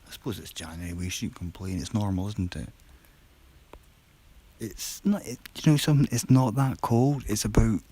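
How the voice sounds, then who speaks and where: A man on a live stream, chatting casually and quietly to viewers during a break from his shift, rambling and poking fun at himself. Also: fairly low pitch, moderate pace, husky, poor audio. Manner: rambling, chatty, self-deprecating; talking quietly. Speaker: livestreamer on a work break.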